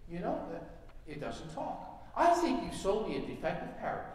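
A man voicing a young woman who complains to a pet store manager that her parrot is defective, in a higher exasperated voice during a told joke. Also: wildly swooping pitch, moderate pace, a little mellow, a little hiss or hum. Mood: complaining. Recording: echoey hall, mic far off.

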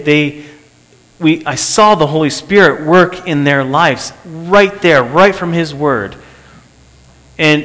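A man's voice: on the high side, fairly bright tone. A man preaching and telling of a church meeting, earnest, repeating phrases for emphasis. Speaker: pastor. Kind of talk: sermon testimony. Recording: long hall reverb.

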